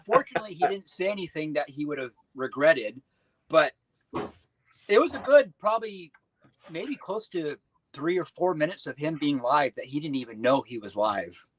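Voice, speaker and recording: A man chatting casually on a livestream, retelling stories in an animated way. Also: a little high, moderate pace, a little hiss or hum, low-quality recording. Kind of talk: casual chat.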